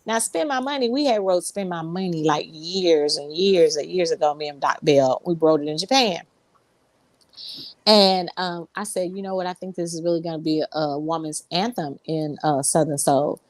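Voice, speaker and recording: A woman's voice: low-pitched, normal speed, no room sound. A woman singer, a guest in an interview, telling her story in a rambling way, full of ums and restarts. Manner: rambling, many fillers and restarts. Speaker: Southern soul singer, guest.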